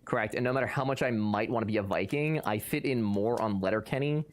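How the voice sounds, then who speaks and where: A man's voice: on the low side, quick pace. A young man streaming, chatting casually and bantering jokingly with his chat. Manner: joking, animated, playfully defensive banter. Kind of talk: casual chat reading live chat.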